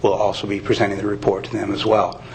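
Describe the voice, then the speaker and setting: A man's voice: fairly low pitch, level tone, a little hiss or hum, low-quality recording. Earnest man addressing a county board. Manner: earnest, apologetic, halting with restarts. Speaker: presenter speaking to county commission. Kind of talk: public meeting testimony. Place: county commission meeting chamber.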